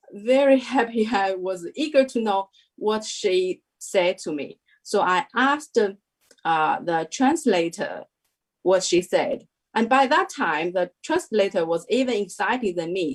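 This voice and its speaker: A woman's voice: medium pitch, low-quality recording. A woman in her thirties telling her story as an interview guest, hesitant and full of fillers, with non-native phrasing. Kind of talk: personal testimony in an interview.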